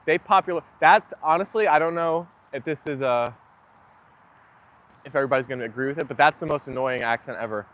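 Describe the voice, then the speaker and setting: A young man speaking fairly quickly at a medium pitch hosts a livestream. He keeps things relaxed and chatty, answering comments as they come in and often agreeing with the viewers.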